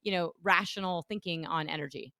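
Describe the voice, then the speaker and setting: A woman hosting a political podcast, talking fast and full of conviction and stumbling over restarts as she presses her points. Her voice is bright and forceful. The recording is dry and close. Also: lowish voice, creaky, no echo. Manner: fast, emphatic, opinionated, with many restarts. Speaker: podcast host and energy economist. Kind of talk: casual political podcast chat.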